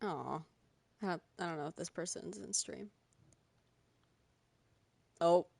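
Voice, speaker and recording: A woman's voice: on the low side, takes it slowly, vocal fry, darkish tone, breathy edge, dry recording. A young woman streamer chatting casually with her live chat, often laughing. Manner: chatty, giggly, talks to chat.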